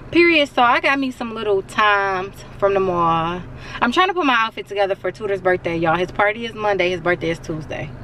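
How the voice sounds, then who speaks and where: A woman's voice: medium pitch, pushed and bright, slight background noise. A young woman talking casually to her viewers in a vlog, chatty and always calling them y'all. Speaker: vlogger. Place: in her car, later at home. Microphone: handheld camera mic.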